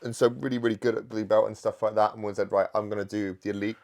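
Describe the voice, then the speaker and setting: A man's voice: on the low side, level tone, fast talker, creaky, a little mellow. A man hosting a casual podcast chat, tagging his points with "right?". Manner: chatty, tags lines with "right?".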